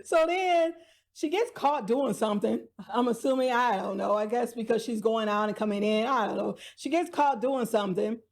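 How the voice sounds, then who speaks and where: A woman's voice: on the high side, normal speed. A woman vlogger casually recapping TV dramas, chatty, laughing often and restarting her sentences.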